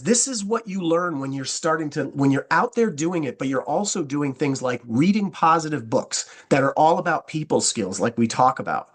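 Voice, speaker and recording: An energetic man gives his team a pep talk on recruiting. He acts out both sides of sample phone calls in a lively way. His voice sits a little high for a man. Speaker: network marketing trainer. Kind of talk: coaching talk with sample scripts.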